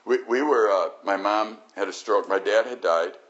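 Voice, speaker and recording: An older man preaching a sermon, animated, swinging from loud exclamations to quiet, reflective stretches. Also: lowish voice, moderate pace. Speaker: pastor. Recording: dull lo-fi recording.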